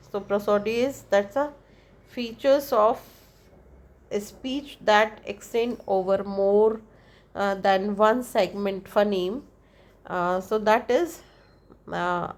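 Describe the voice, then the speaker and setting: A woman teacher lectures at a slow, deliberate pace. She works through terms one at a time and keeps checking in with "right?" between pauses. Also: medium pitch. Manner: explains step by step, with frequent "right?" and "uh"; slow, deliberate delivery with demonstrated examples. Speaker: English teacher.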